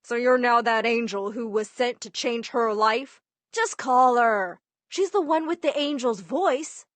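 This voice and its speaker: A woman voicing an excitable man, the dad's friend, gushing and insistent, in an animated story. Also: a little high, a little slow, dry recording, close to an everyday voice.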